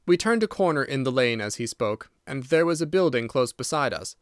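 A man narrating a classic detective audiobook in a steady, unhurried reading. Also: medium pitch, smooth, no room sound, clean studio sound. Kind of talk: scripted narration.

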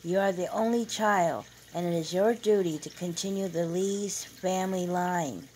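A woman's voice: on the low side, normal speed, a little mellow, a little hiss or hum, natural voice, low-quality recording. A woman reading aloud, voicing a proud and bossy older mother who boasts about her son. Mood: scolding. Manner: boastful, emphatic.

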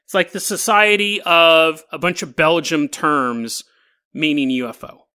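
A man's voice: a little high, steady tone, unhurried, bright, forceful tone, smooth. A man hosting a casual storytelling podcast, joking and laughing through wry asides. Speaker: podcast host.

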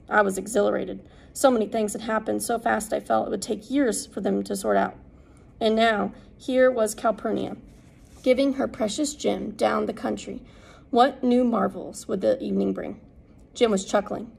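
A woman narrating an audiobook in a steady, unhurried reading. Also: mid-range voice, vocal fry, breathy edge, low-quality recording. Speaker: audiobook reader.

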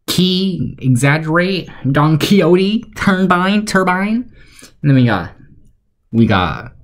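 A young man giving deadpan, sarcastic commentary for a joke video, rambling with fillers. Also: fairly high pitch. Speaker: YouTuber.

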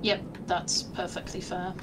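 A woman's voice: fairly low pitch, flat delivery, noisy background. Woman guiding a co-op game partner. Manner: directing partner, quick repeated urging. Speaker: streamer playing co-op game. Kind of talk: casual gaming chat.

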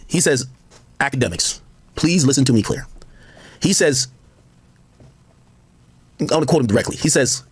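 A man giving rambling, excitable live-stream commentary, full of asides and quoted conversations. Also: fairly high pitch, slightly rough, no room sound, studio quality. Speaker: livestream commentator.

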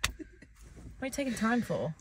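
A young woman co-hosts a podcast, telling animated stories in casual chat and laughing often. Her voice is a little high and a little slow, with a slight hiss or hum on the recording.

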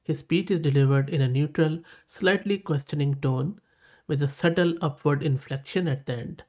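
A man's voice: on the high side, normal speed, darkish tone. A man with a South Asian English accent hosting a tech tutorial, talking casually and enthusiastically as he reads results aloud and repeats his praise. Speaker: tech channel host. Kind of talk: casual screen-recorded tutorial.

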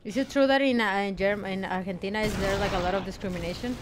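A woman's voice: medium pitch, steady tone, quick pace. A young woman from Mexico streaming a game, chatting to chat and reacting aloud, swearing when frustrated. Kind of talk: casual gameplay chat. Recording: game gunfire and noise behind the voice. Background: game sounds and gunfire.

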